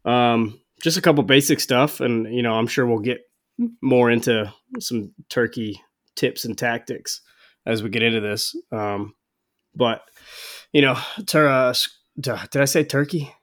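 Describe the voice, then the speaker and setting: A relaxed male host chatting on a hunting podcast. His voice sits at an ordinary middle pitch, and he rambles along easily with plenty of "um"s and "you know"s. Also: measured pace. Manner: laid-back, rambling with fillers and slips. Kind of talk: casual hunting podcast chat.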